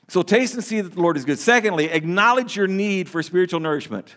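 A man preaching from the pulpit, his voice sitting a little high for a man. He talks in an easy, conversational way, stumbling over words and throwing questions out to the congregation. A long reverb trails behind him in the church. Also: expressive, fast, few pauses, fairly bright tone. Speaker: pastor. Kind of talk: sermon.

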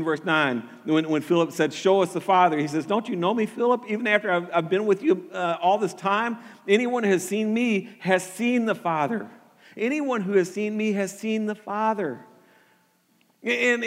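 A man's voice: high voice, in a large hall. A man preaching a sermon with earnest energy, often repeating words as he starts a thought and building to emphatic peaks. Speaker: pastor.

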